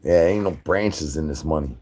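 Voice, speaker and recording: A man's voice: very deep voice, moderate pace, a little mellow. A man hosting a livestream, rambling in goofy nonsense wordplay and chants. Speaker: livestream host.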